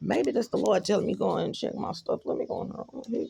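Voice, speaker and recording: A woman with a Texan accent rambling excitedly to her viewers in a casual phone vlog, often calling them y'all. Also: mid-range voice, a little fast, vocal fry, slightly rough, no room sound. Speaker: vlogger. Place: apartment and stairwell, indoors. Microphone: phone camera held close.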